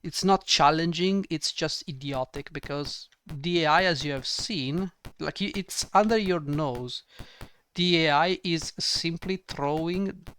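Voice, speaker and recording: A man's voice: fairly high pitch, a little slow, fairly bright tone, smooth, no room sound. A man giving ranting gameplay commentary, exasperated and sarcastic, swearing often. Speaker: let's play gamer.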